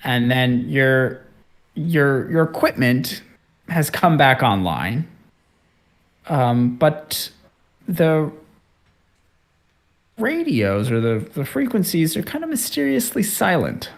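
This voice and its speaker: Male game master, casual rambling narrator, middle pitch, lots of ums. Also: huge pitch swings, slow pace, vocal fry, long pauses. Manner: rambling, many fillers and restarts. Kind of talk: narrating a tabletop game over a call.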